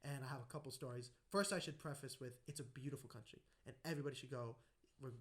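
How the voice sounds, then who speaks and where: A man hosting a podcast, telling anecdotes in a casual, animated way and acting out the voices in his stories. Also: medium pitch, quick pace. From United States. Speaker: podcast host. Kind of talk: casual conversational storytelling.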